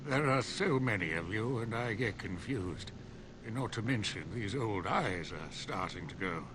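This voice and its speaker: An actor playing a forgetful, grumpy old mage who talks hesitantly and turns curt, in video game dialogue. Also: male voice, lowish voice, measured pace, a crowd in the background. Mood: grumbling. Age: older. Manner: hesitant, then curt and dismissive. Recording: game audio with steady ambient noise.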